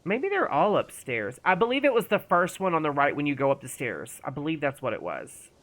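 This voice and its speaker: Speaking briskly in a low voice with big swings in pitch, a woman plays a game on stream. Her casual commentary wanders playfully, and she addresses the characters as she goes.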